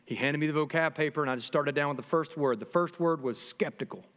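A middle-aged man, a pastor, preaching a sermon to his congregation in a lively, humorous way that speaks straight to the people. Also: a little high, quick pace. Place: church sanctuary. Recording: long reverb from a church hall.

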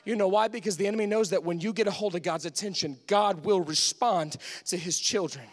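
A man preaching a Pentecostal sermon in a church, swinging from hushed pleading to full shouts. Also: high-pitched, brisk. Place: church sanctuary.

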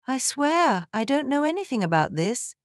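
A young flight attendant speaks up earnestly, her voice lifting higher when she pleads, as a woman narrator plays her. The tone stays smooth and clear, and the sound is dry and close. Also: big pitch swings, moderate pace, no room sound. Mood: pleading. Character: young female flight attendant, anxious but firm.

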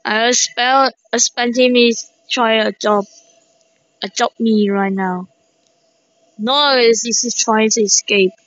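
A woman giving excited gameplay commentary, shrieking exclamations and repeating herself. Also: a little high, takes it slowly, dry recording. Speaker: gaming commentator. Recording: dry, dull lo-fi mic.

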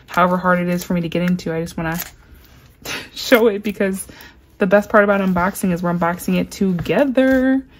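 A woman vlogger unboxing a package in casual chat, gushing with excitement and reading cards aloud slowly. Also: on the low side.

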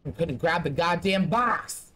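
Guy with a high voice doing let's-play commentary, blunt, bossing the characters around. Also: animated, unhurried, pushed and bright. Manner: blunt, talks straight to the game characters. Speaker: gaming streamer.

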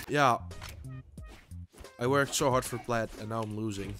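A young man giving excitable gameplay commentary as host, swearing and bursting into sudden yells. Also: mid-range voice, a little slow, long pauses, music in the background. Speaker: gaming channel host.

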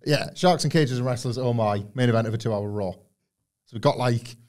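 A man's voice: medium pitch, brisk, darkish tone. A British man in his thirties who co-hosts a podcast, chatting casually and riffing with loose, rambling jokes. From United Kingdom. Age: 30s. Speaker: podcast co-host. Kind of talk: casual chat.

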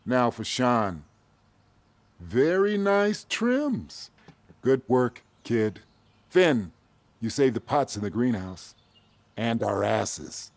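An actor voicing a gruff, no-nonsense farm boss handing out pay in a video game. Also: male voice, lowish voice, takes it slowly, dry recording. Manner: blunt, businesslike.

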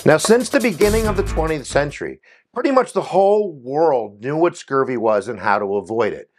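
A male history educator with a lively, swooping voice who talks in an upbeat, joking way. His pitch climbs and dips freely as he moves through a quick explainer, and faint music sits underneath. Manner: energetic and jokey, with playful asides.

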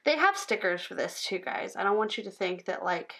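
A tired woman in her thirties chatting casually as she fills in a planner, rambling and dropping into soft asides under her breath. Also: mid-range voice, animated, a little fast, vocal fry. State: tired, yawning. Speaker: planner vlogger. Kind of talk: casual chat while planning.

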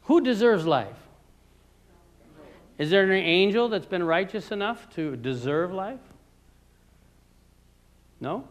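A man preaching a sermon in a conversational way, asking his listeners questions and moving between loud emphatic lines and quiet ones. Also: high-pitched, expressive, slow pace, pauses often. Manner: conversational, asks the audience questions.

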